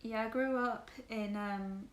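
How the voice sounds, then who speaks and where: Speaking slowly with a fairly high, fairly even voice, a livestream host from West Yorkshire, England, chats casually with her viewers. She has a Southern English accent and talks candidly, with plenty of fillers. The room is echoey, with background noise.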